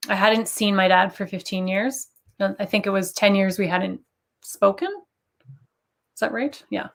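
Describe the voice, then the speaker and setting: Woman, thirties, earnest interview guest, mid pitch. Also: a bit bright. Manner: earnest, personal storytelling. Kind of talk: casual interview talk.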